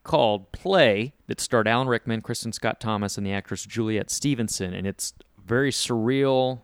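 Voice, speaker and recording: Smooth-voiced man chatting about movies. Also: lowish voice, moderate pace, no room sound, clean studio sound. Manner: enthusiastic movie-trivia talk. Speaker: podcast co-host. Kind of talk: casual chat.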